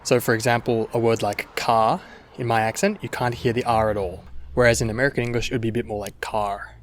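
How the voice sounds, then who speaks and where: A young man with a mild Australian accent explains English pronunciation in a clear, orderly way. His voice sits at a middle pitch, and he slows down to model each sound. A faint hiss runs underneath. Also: level tone. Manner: clear and methodical, demonstrating sounds slowly. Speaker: English teacher. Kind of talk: explanatory video lesson.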